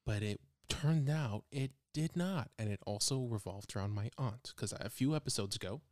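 A man's voice: mid-range voice, normal speed, darkish tone, no room sound, clean studio sound. Rambling male podcast co-host. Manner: rambling, restarts often when telling stories. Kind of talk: casual chat.

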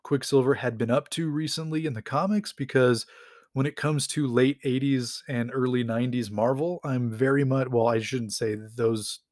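A man's voice: mid-range voice, fairly even intonation, normal speed, darkish tone, no room sound, clean studio sound. A man casually retelling a story in a rambling, enthusiastic way, with lots of fillers. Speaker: comics recap host.

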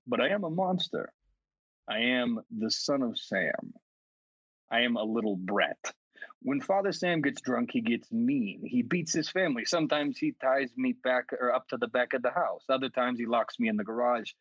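A man reading a letter aloud while voicing a menacing, unhinged male killer who taunts police, slow and drawn out with sudden shouts. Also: mid-range voice, lively intonation, slightly rough, no echo. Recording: slightly dull, dry recording.

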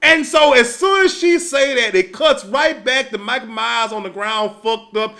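A man, hosting and ranting casually and comedically about a movie, profane, with shouted outbursts. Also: very high voice, moderate pace.

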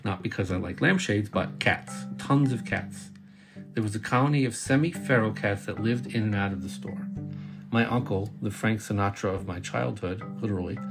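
Middle-aged male host from Brooklyn, low voice, relaxed wry personal storytelling over guitar music. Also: vocal fry. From Brooklyn, New York. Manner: casual, wry, sometimes swears. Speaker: podcast host.

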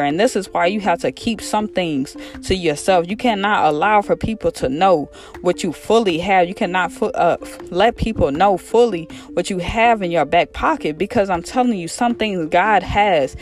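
A preacher giving a devotional sermon in a casual, fervent style, repeating phrases for emphasis. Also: mid-range voice. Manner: fervent, repetitive exhortation.

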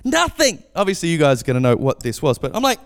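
A man preaching a casual, animated sermon as pastor, acting out voices when he tells a story. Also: mid-range voice, rapid-fire, long reverb tail. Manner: animated, acts out voices in anecdotes. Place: church.

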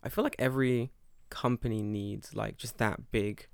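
A man's voice: lowish voice, normal speed, gravelly, clean tone, dry recording. A young man in casual podcast chat, telling a story with swearing and acting out quoted dialogue. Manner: animated, profane, acts out quoted dialogue. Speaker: podcast co-host.

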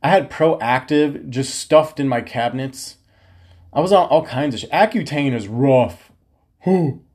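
Podcast host, male, 30s, mid-pitched, loose profane storyteller. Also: unhurried. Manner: profane, animated, slangy storytelling. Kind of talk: casual storytelling monologue.

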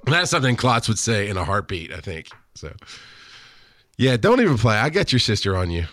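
A man's voice: fairly low pitch, sing-song, fairly quick, fairly bright tone, dry recording, clean studio sound. A man hosting a podcast, joking and laughing between topics as he introduces his co-hosts. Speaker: podcast host. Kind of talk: casual podcast banter.

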